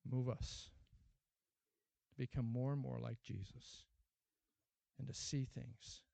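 A man preaching a sermon as pastor, asking many rhetorical questions and repeating his words, moving from loud urgent appeals to a quiet closing prayer. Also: mid-range voice, level tone, slow, creaky, dry recording.

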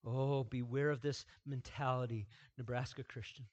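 A man preaching a sermon, moving from quiet, measured lines to loud, emphatic repetition. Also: medium pitch, fairly even intonation, dull audio. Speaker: pastor.

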